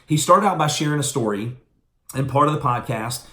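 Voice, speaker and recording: A man giving a motivational business training, telling stories fast and with energy. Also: mid-range voice. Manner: fast, animated storytelling. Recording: echoey room.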